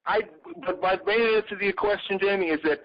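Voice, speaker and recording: Male interview guest, animated storyteller, slightly high voice, dull dry audio. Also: fairly quick, dry recording. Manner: animated storyteller, acts out quotes. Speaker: exhibit designer. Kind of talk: casual interview.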